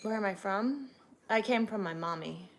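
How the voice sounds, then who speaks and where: A woman's voice: mid-range voice, moderate pace. A woman truck driver from Texas, chatting casually on a livestream in a sarcastic, swearing manner.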